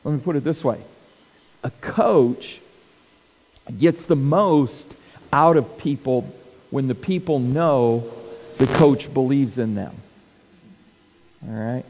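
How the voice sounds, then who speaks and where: Mellow-voiced middle-aged pastor, reverberant. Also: male voice, medium pitch, takes it slowly, long pauses. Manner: conversational, laughs often, restarts and repeats words. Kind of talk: casual leadership talk with anecdotes.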